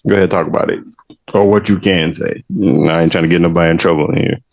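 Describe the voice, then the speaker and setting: A man with a very low voice chatting on a podcast, laid-back and full of jokes, laughing easily and dropping casual slang. His tone stays relaxed and easygoing. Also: fast, vocal fry, poor audio. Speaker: podcast host.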